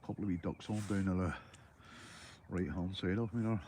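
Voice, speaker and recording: A man's voice: low voice, steady tone, brisk, dark tone, a little hiss or hum. A Northern Irish man livestreaming while fishing outdoors, chatting casually to viewers, swearing freely and calling them mate. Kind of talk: casual chat to live viewers. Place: outdoors by the water.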